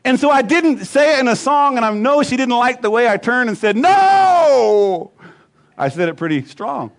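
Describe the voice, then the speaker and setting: A man's voice: extremely high pitch, animated, a little fast, a bit bright. A man pastor preaching a sermon, emphatic and repetitive, building rhythmic lists.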